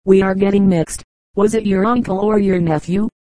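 A woman's voice: mid-range voice, fairly even intonation, normal speed, dark tone, no echo, natural voice, low-quality recording. A woman voicing a patient, reasonable male commercial traveler in an audiobook.

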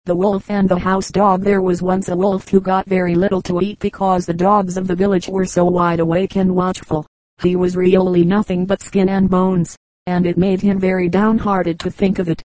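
A narrator reading fables aloud in an even, measured storytelling manner. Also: mid-range voice, dry recording, poor audio. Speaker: audiobook narrator.

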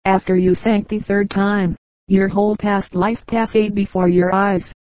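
A chirpy, nosy old lady, as a woman reader puts her on chimes in brightly, in a slow, low and mellow storybook voice. The sound is dry and close. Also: level tone, no room sound, natural voice.

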